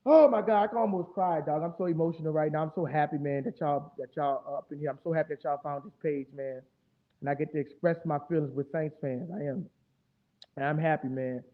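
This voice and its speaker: A man hosting a casual fan stream, talking fast and loose with a lot of profane, animated trash talk. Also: a little high. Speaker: fan show host. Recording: tinny phone-like audio.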